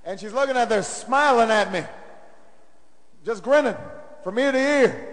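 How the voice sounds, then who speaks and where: A man's voice: very high-pitched, lively intonation, moderate pace, a bit bright. A middle-aged man, a presidential candidate, giving a campaign rally speech. He tells a story that builds into call-and-response chanting. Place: large indoor arena. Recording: long reverb of a large arena.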